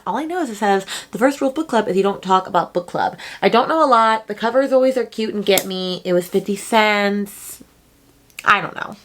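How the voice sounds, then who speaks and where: A woman's voice: medium pitch, fairly bright tone. A young adult woman chatting casually about her book haul, rambling from one thought to the next. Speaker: book vlogger.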